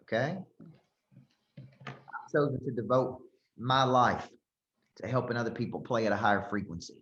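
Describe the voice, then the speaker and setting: A man's voice: medium pitch, moderate pace, a bit bright. Emphatic male coach in a roomy space. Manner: emphatic, repetitive, asks "okay?" and "right?". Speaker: business coach. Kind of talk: coaching talk to a group. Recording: roomy, slightly dull sound.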